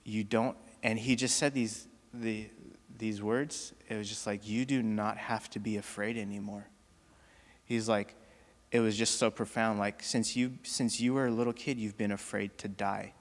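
A man's voice: on the low side, fairly even intonation. Earnest man sharing testimony in reverberant hall. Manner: earnest, halting, many fillers. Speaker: church member giving testimony. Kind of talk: personal testimony. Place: church auditorium.

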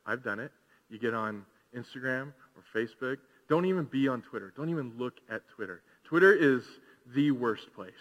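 A man's voice: mid-range voice, a little fast, fairly bright tone. A man preaching a sermon, conversational and full of rhetorical questions. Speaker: pastor. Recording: long hall reverb.

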